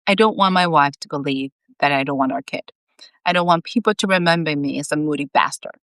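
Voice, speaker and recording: A woman's voice: deep voice, a little fast, a bit bright, no echo, studio quality. A woman voicing an earnest young male soldier who pleads and bargains stubbornly, read aloud from her own story. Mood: pleading.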